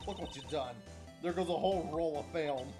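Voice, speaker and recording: A man voicing a feisty Southern country woman photographer in a put-on Southern drawl, loud and sassy. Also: a little high, brisk, music in the background, pitched above the performer's own voice, natural voice. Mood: scolding. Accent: put-on American Southern drawl.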